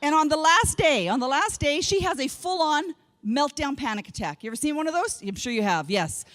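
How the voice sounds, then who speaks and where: Lively high-voiced woman giving a keynote. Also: fairly quick, big-room sound. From Canada. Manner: animated storyteller acting out quotes. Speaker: keynote speaker. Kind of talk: humorous keynote speech. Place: large conference hall.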